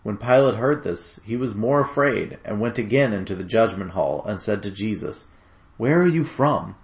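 A man narrating a dramatic scripture reading in a steady, solemn storytelling manner. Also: fairly low pitch, moderate pace.

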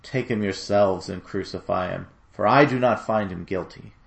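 A man's voice: lowish voice, moderate pace, creaky. A man reading as a wavering Roman governor. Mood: uneasy. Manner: questioning, pleading with a crowd. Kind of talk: dramatic scripture reading.

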